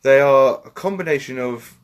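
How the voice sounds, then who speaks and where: A man's voice: mid-range voice, normal speed, smooth, highs cut off. A man, co-hosting a podcast in casual chat, sweary and sarcastic. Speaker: podcast co-host.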